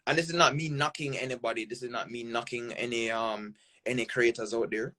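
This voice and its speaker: A man's voice: medium pitch, steady tone, fairly quick, pushed and bright. A Jamaican man from Jamaica, a content creator guest on a podcast, talking casually and animatedly, with lots of emphasis and frequent "right?" check-ins. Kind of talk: casual interview talk.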